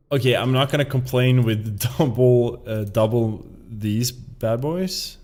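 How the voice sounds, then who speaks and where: Slow-talking rambling male streamer. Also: medium pitch, darkish tone. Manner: rambling, profane, laughs at himself. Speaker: game streamer. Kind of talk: casual live-stream commentary.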